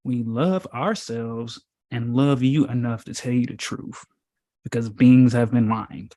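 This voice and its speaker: A man's voice: mid-range voice, measured pace, warm tone. A man co-hosting a casual podcast chat in an easygoing, joking way. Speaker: co-host.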